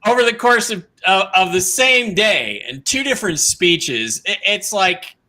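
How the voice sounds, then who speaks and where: A man's voice: high voice, expressive, unhurried, sharp tone. A man hosting a casual political talk show, blunt and profane, mocking and sarcastic. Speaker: host.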